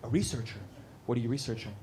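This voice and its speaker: A man's voice: mid-range voice, fast talker. A man in his thirties doing stand-up crowd work on a club stage, brash and profane as he teases the audience. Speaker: stand-up comedian. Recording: noisy live club recording.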